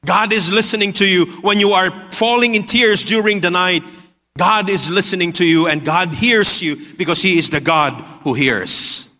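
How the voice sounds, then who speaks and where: A man preaching a sermon with earnest repetition, often dropping low and soft for emphasis. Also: moderate pace. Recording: long hall reverb.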